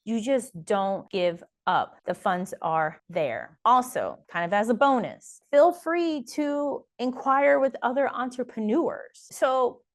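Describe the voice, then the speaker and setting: A woman's voice: fairly high pitch, expressive, takes it slowly, hardly any pauses. A woman coaching small-business owners straight to camera, stressing points by repeating words and cheering viewers on. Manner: addresses viewers as "y'all". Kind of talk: direct-to-camera advice video.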